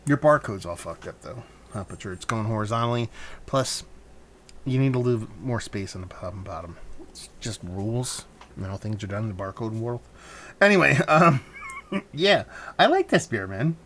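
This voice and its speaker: A man's voice: lowish voice, animated, normal speed, pauses often, fairly bright tone, slight background noise. A man casually reviewing a hazy beer on his vlog, talking loosely with rambling asides and frequent swearing.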